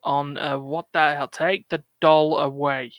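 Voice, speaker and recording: A man from England hosting a casual gaming podcast, rambling and quick to laugh. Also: on the high side, level tone, a bit bright, dry recording. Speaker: podcast host. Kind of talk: casual chat.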